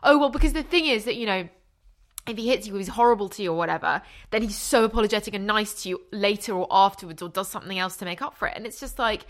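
A woman's voice: mid-range voice, quick pace. A middle-aged woman co-hosting a podcast, talking earnestly in casual chat and trailing off into restarts. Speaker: podcast co-host.

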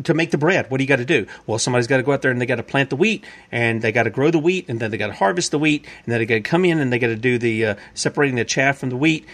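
A man's voice: mid-range voice, fairly bright tone. Man preaching in a chatty, repetitive way. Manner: conversational, repetitive, asks and answers his own questions. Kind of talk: informal Bible-teaching sermon.

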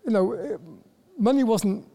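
An older Welsh man speaks in a high, mellow voice. He tells his stories in a halting way, restarting words and leaning on "you know" as he goes. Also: gravelly. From Wales. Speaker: guest, former footballer. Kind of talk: casual interview storytelling.

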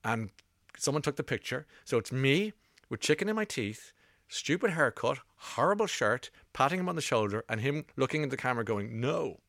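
A middle-aged man hosting a radio show, telling rambling stories with quick asides into a studio mic. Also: medium pitch, animated, fairly bright tone, dry recording. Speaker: radio host. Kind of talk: casual radio chat. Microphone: broadcast studio mic.

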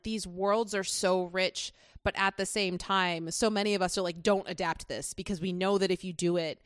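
A woman's voice: fairly low pitch, fairly bright tone, no echo, clean studio sound. A woman co-hosting a podcast, chatting casually about a film with enthusiasm and lots of fillers. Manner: enthusiastic, rambling with many fillers. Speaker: podcast co-host.

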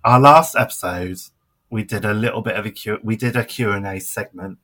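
Giggly young man, bright voice. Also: fairly low pitch, brisk. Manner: giggly, trails off quietly. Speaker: podcast co-host. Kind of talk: casual chat.

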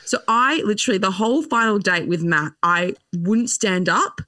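A woman's voice: medium pitch, moderate pace, sharp tone, no room sound. A young woman telling a wild story on a podcast, laughing and swearing as she goes. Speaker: podcast guest. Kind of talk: casual storytelling chat. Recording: dry, slightly distant mic.

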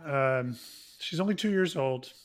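A man's voice: medium pitch, animated, a little slow. A man in his thirties co-hosting a podcast in casual chat, with a dry, teasing sense of humor. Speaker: podcast co-host.

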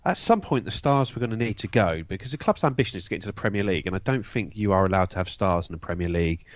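A man's voice: fairly low pitch, expressive, racing, no room sound. A man giving his views on a football podcast, opinionated with stumbling restarts. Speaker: podcast co-host. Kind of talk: casual football podcast chat. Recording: dull, slightly lo-fi sound.

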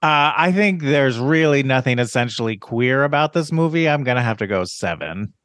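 A man's voice: medium pitch, animated, normal speed, fairly bright tone, no echo, studio quality. A man co-hosting a casual film podcast, making wry jokes and laughing often. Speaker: podcast co-host. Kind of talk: casual chat.

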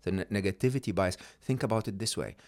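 A man talking as a podcast guest in an animated way, often checking in with "right?" and "hmm?" and restarting his sentences. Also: on the low side, quick pace. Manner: frequent restarts and repeated words. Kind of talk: conversational interview.

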